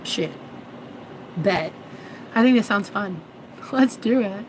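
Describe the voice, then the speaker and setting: A woman's voice: mid-range voice, animated, slow pace, a little hiss or hum, poor audio. A woman in her thirties, a manifestation coach, talking in a sassy, preachy way and calling viewers girl and honey. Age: 30s. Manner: swears freely. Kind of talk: casual vlog monologue.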